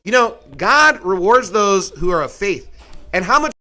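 A middle-aged man preaching a sermon in a folksy, animated way, with mocking asides and a conversational tone. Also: high voice, normal speed.

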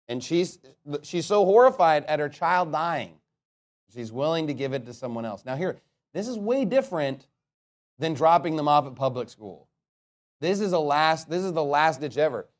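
A man preaching a sermon, reading scripture aloud and breaking into animated commentary, rhetorical questions and chuckling asides. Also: a little high. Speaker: pastor.

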